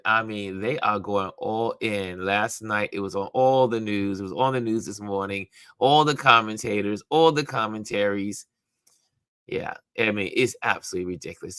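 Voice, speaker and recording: A man's voice: lowish voice, pushed and bright, no echo. A man hosting a casual live stream, chatting about the news and greeting viewers by name, with frequent restarts and asides. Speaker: livestream host.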